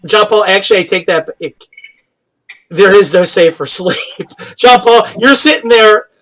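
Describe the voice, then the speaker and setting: A man running a tabletop game as dungeon master, his voice pitched quite high. He narrates in a lively way and laughs often. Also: unhurried, poor audio.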